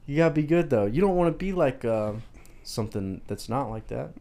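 A man's voice: medium pitch, animated, fairly quick, mellow. Male podcast co-host, blunt offhand delivery, crude casual banter.

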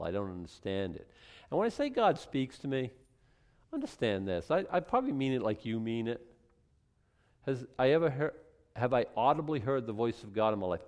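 A man preaching a sermon in a Boston accent, talking to his congregation in a relaxed, conversational way. He keeps asking rhetorical questions and restarts his sentences as he thinks aloud. His voice sits at an ordinary middle pitch for a man. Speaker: pastor.

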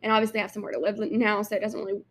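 She talks at a racing pace in a medium-pitched, flat voice, with a little hiss or hum in the background. The speaker is a young adult intern vlogger from Alabama whose Southern-accented, chatty talk to camera is packed with "like."

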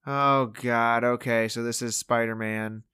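A man co-hosts a relaxed podcast in an easy, joking way. His voice sits in a middle register. The sound is dry and close, with no room around it. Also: mid-range voice, smooth, no echo. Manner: playful, jokey, does quick impressions. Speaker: podcast co-host. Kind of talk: casual podcast chat.

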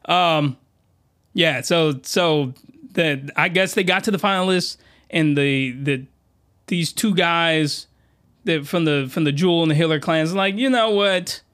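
A man hosting a comedy podcast, reviewing a comic in a slangy, rambling monologue with sudden shouted outbursts. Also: unhurried. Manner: animated, jumps into high-pitched shouted outbursts; slangy, rambling, with many restarts.

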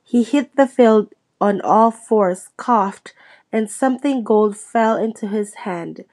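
A woman's voice: mid-range voice, slow pace, a little mellow. Woman reading a storybook aloud. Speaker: audiobook reader. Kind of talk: storybook narration.

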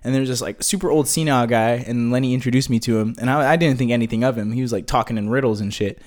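Young guy, interview guest, relaxed slangy delivery, average pitch, filler-heavy. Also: racing. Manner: laid-back slangy talk with many "like" fillers. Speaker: guest, marketing business owner. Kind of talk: casual interview chat.

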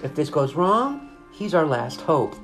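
A woman's voice: low voice, very animated, a little slow, faint music behind, exaggerated voice. A woman voicing an anxious young boy who takes charge, speaking urgently and firmly.

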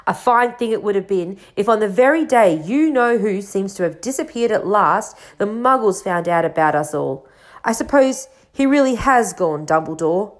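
A woman's voice: mid-range voice, animated, normal speed, natural voice. A woman doing a stern, irritable witch professor. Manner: impatient, irritable, clipped. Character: stern, severe older female witch professor.

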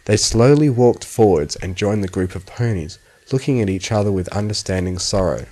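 A man reading a story aloud as an audiobook narrator in a steady storytelling manner. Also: lowish voice, moderate pace, few pauses. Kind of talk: scripted narration.

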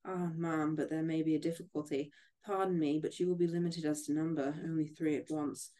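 A podcast host reading aloud as a witty young gentlewoman who teases with mock ceremony. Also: mid-range voice, little pitch movement, fairly quick, lightly acted. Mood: teasing.

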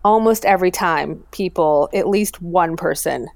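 A woman's voice: fairly low pitch, measured pace, gravelly, darkish tone, dry recording. A woman being interviewed about her popular dog account, talking earnestly and enthusiastically with lots of fillers and restarts. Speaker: guest, owner of a popular pet account. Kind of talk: casual interview conversation.

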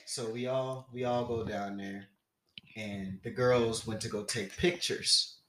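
A man's voice: fairly low pitch, takes it slowly, echoey room, a little hiss or hum. A young man co-hosting a podcast, telling a story in casual chat and acting out the people in it. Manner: animated, acts out quoted voices loudly. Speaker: podcast co-host.

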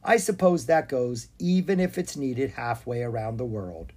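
Dry, practical father, put on by the narrator, slow and measured. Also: mid-range voice, animated, darkish tone, lightly acted. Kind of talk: storybook read-aloud.

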